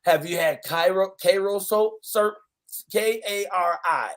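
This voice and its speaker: A man's voice: high-pitched, a little slow. A man hosting a morning talk show, bantering playfully with his guests in casual chat. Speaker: host.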